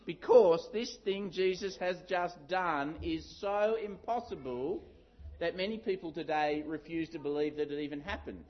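A middle-aged man preaching a sermon, telling a story with lively acted-out shouts. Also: fairly high pitch, moderate pace. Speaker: pastor. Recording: dull lo-fi sound.

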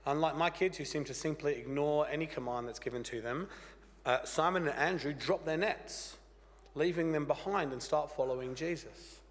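A pastor with a croaky voice from a cold, preaching an earnest, plain-spoken sermon with light humor. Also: male voice, a little high, normal speed. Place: church. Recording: church hall reverb.

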